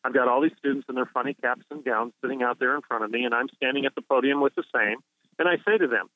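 A university president calls into a radio interview over a telephone, so the line sounds tinny, though there's no echo. His mid-range voice is expressive and fast. He's emphatic, building his points through repetition in a preacherly way.

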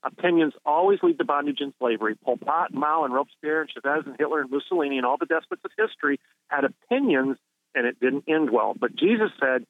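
A man speaks down a thin, tinny phone line, his voice sitting slightly high. He argues emphatically and in a preacherly way, stacking phrase upon phrase. The sound is dry, with no room around it. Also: lively intonation, a little fast, no echo. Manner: emphatic, preacherly, builds points through repetition. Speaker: university president, guest. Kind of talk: phone-in radio interview. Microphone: telephone.

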